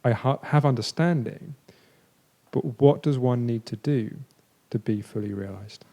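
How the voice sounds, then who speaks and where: A man's voice: mid-range voice, unhurried, mellow. A man from the audience earnestly reading out a question to a teacher. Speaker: audience member asking a question.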